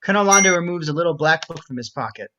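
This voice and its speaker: A man's voice: fairly high pitch, lively intonation, racing, dull audio, very noisy. A man reading stage directions at a script reading, adding wry, explanatory commentary. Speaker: narrator.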